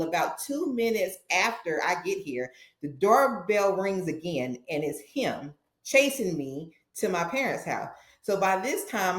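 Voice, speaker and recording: A woman guest on a podcast, telling a personal story and acting out the dialogue with feeling. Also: lowish voice. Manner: animated, acts out dialogue in her stories. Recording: roomy echo.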